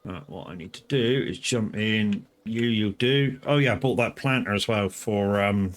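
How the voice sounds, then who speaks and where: A man's voice: on the low side, normal speed. Rambling, swearing man. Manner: rambling, swearing, frequent restarts. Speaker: live streamer. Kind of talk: casual gameplay commentary.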